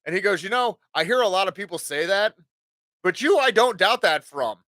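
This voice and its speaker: A man in his forties telling crude, meandering work and family stories on his podcast. He has a rather high voice with a bright, forceful edge. The sound is dry and close. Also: lively intonation, a little fast, no echo. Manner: profane, rambling, acts out quotes. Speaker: podcast host. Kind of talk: casual storytelling monologue.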